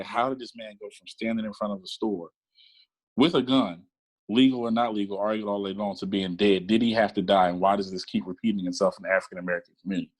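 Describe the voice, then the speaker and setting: A middle-aged man who once worked as a police officer, speaking earnestly in a panel discussion and growing animated as he tells a story. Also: on the low side, poor audio.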